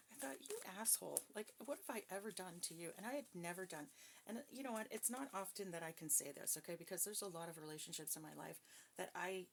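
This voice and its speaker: A woman's voice: on the low side, vocal fry, a little hiss or hum. A woman who is a psychic reader, talking casually and bluntly to her viewers, with plenty of swearing and emphasis. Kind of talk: casual personal talk to viewers.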